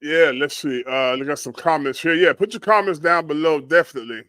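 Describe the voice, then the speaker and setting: Hushed, prayerful man hosting a livestream. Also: fairly high pitch, a little fast, clear, resonant tone, no room sound. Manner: hushed, prayerful exclamations and murmured hums. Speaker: livestream host. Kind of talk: live commentary on storm damage photos.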